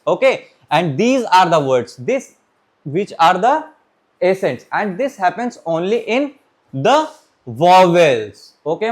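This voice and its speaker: A man teaching a beginners' French class, talking his students through the lesson and often pausing to say "okay, my friends". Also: high-pitched. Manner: repeats "okay, my friends", restarts and pauses while writing. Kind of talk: classroom lecture.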